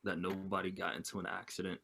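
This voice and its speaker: A young man on a podcast tells a story in a loose, rambling way, full of starts and fillers. His voice sits on the low side. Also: flat delivery, fast, creaky, bright, forceful tone. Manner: rambling, lots of fillers and restarts. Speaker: podcast co-host. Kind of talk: casual chat.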